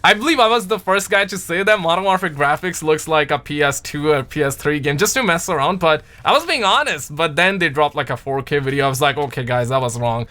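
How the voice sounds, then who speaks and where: A young man chatting casually on a livestream, reading out viewers' names and talking games in slangy, animated bursts. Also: fairly high pitch, brisk, hardly any pauses. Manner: slangy, animated, reads chat aloud. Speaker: streamer.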